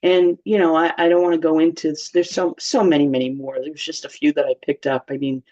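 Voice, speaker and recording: A woman's voice: sits low, level tone, fairly quick, a little mellow. A woman giving informal, humorous Bible teaching in a chatty way, laughing often. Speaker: church teacher. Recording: slightly dull lo-fi sound.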